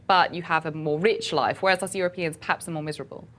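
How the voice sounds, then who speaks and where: A woman's voice: low-pitched, steady tone, quick pace, a bit bright. A woman with a British accent, a regular expert guest on a studio talk show, chatting with a dry, teasing wit. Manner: dry, teasing, wry humor. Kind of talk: playful studio chat. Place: TV studio set.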